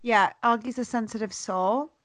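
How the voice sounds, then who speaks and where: A woman's voice: a little high, fairly even intonation, normal speed, a bit bright, no echo. A woman in her thirties, a podcast co-host, chatting frankly and swearing freely. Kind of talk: casual chat.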